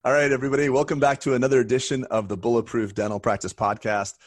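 A man's voice: mid-range voice, little pitch movement, fast. A man hosting a dental podcast, upbeat and teasing, often laughing. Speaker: podcast host, dentist. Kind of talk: casual podcast chat.

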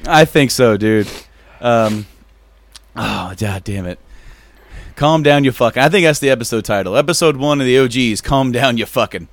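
A man's voice: mid-range voice, animated, moderate pace, no room sound. A man co-hosting a podcast in casual chat, with loose, profane, laughing banter. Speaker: podcast co-host.

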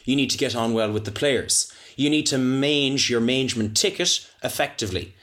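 A man with an Irish accent co-hosting a comic sports podcast, rambling in a mock-serious, deadpan way. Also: medium pitch, moderate pace. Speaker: podcast co-host.

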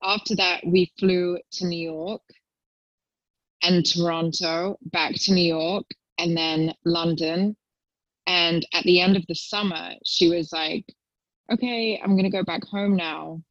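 A woman's voice: fairly even intonation, measured pace, fairly bright tone, dry recording, dull audio. Chatty young woman telling stories. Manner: chatty storyteller, acts out quotes in a high voice. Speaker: guest. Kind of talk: casual chat.

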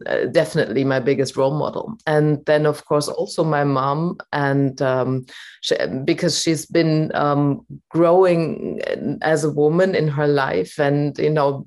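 A woman's voice: sits low, darkish tone. A woman voice coach talking as an interview guest, thoughtful and hesitant, with many fillers. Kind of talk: interview guest, reflective chat.

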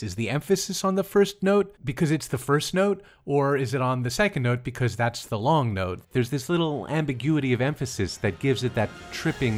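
A man discusses the themes of a film score in an easygoing podcast conversation, sometimes singing a melody fragment. His voice sits at an average pitch. Music plays clearly behind him. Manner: thoughtful, chuckling, sings melody fragments. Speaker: podcast co-host. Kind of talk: casual music analysis chat.

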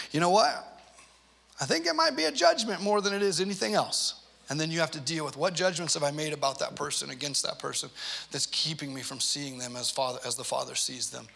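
A man in his forties preaching a sermon, telling stories with playful asides and lively, animated delivery. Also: on the high side, gravelly. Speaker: pastor.

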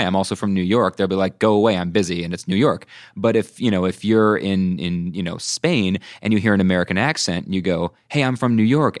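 An enthusiastic man with a low, deep voice hosts a podcast interview and affirms his guest as he asks questions. The sound is dry and close to the mic. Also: dry recording. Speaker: podcast host.

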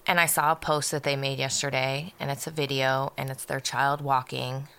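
Woman, low gravelly voice, bright, blunt profane chat. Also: level tone, normal speed. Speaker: podcast co-host. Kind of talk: casual chat.

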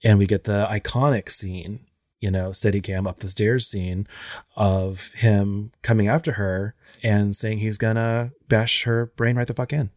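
A man co-hosting a podcast, recapping and analyzing a film's events in a casual, steady way. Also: on the low side, a little slow, dry recording, studio quality. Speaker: podcast co-host. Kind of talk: casual film discussion.

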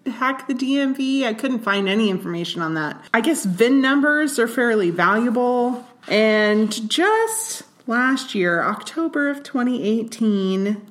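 A woman with a slightly high, lively voice co-hosts a podcast, speaking at an unhurried pace with barely any pauses. She chats casually while sharing research findings, laughing as she explains the facts.

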